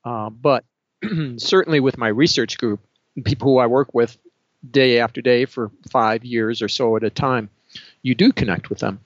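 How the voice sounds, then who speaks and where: A middle-aged man speaks in a measured, dry, understated way as an interview guest. His voice sits at an everyday pitch. The audio is slightly dull and lo-fi, with a close, dry sound. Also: dry recording. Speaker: professor and research supervisor. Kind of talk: casual interview answers.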